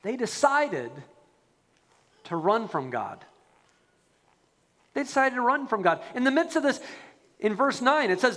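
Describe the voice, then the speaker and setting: A man preaching a sermon as a pastor, animated and acting out quoted prayers. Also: very high-pitched, a little slow, pauses often, long reverb tail.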